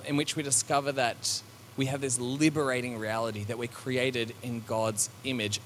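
A man with a medium-pitched voice preaches to a congregation, thinking aloud in a loose, conversational way full of ums, restarts and reflective asides. His tone is reflective and searching, and the recording carries a little hiss or hum.

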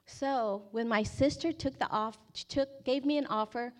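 A woman in her forties giving a personal faith testimony as a campus ministry staff member, animated and acting out her own past words as she tells the story. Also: on the high side, unhurried.

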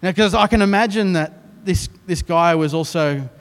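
A man with an Australian accent preaching a sermon as a pastor, telling the story in an animated way with self-mocking, joking asides. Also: high voice, normal speed, long reverb tail.

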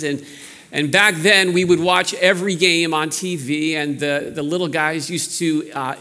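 A man with a New York accent, preaching a sermon in a relaxed, storytelling way with frequent restarts. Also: on the high side, long reverb tail. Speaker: pastor.

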